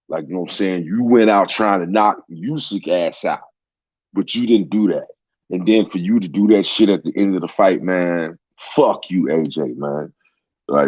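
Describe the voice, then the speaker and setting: Deep-voiced man ranting with slang. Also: darkish tone, slightly rough, dry recording. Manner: profane, heated, slangy. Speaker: sports commentator. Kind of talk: casual rant. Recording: dull lo-fi sound.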